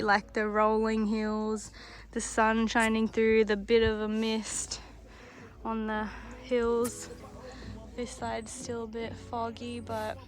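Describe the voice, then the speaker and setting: A woman vlogging outdoors on a country road during a cycling tour, chatting in an upbeat way. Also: a little high. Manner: chatty, upbeat, quick laughs. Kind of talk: casual chat.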